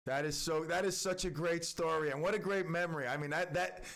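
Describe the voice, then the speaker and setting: A man's voice: fairly high pitch, fairly even intonation, brisk, creaky, a bit bright. A man hosting a call-in radio show, talking in a playful, rambling, self-mocking way. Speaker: radio host.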